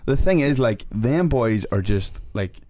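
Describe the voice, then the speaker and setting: A man's voice: mid-range voice, animated, a little slow, mellow, slight background noise. A man with a Northern Irish accent, a fighter guest on a podcast, ranting heatedly and swearing a lot. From Northern Ireland. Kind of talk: casual podcast chat.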